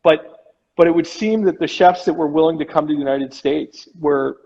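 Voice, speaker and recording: Man, chef host, husky voice, conversational, says "right?" often, lo-fi reverberant stream audio. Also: on the high side, normal speed, a little mellow. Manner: conversational, frequent "right?" tag. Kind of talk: casual interview chat. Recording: dull, echoey remote live-stream audio.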